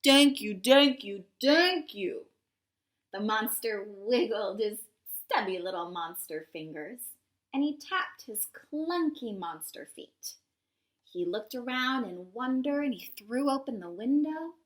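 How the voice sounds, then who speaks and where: A woman reading a picture book aloud to children in a playful way, pausing for little asides to her listeners. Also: a little high, lively intonation.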